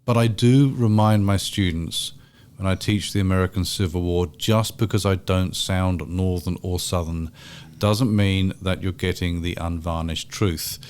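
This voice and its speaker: A man with an English accent, talking in a measured, articulate way as a podcast guest. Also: low voice, a little mellow, slight background noise. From Britain. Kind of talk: reflective conversation.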